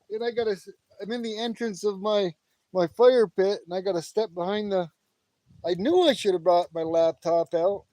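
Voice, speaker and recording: A man's voice: high voice, lively intonation, normal speed, dark tone, no room sound, poor audio. A cheerful, chatty man hosting a casual livestream outdoors at his backyard fire pit at night, greeting viewers by name and laughing often. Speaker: livestream host. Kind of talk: casual live-stream chat. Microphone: camera on a tripod.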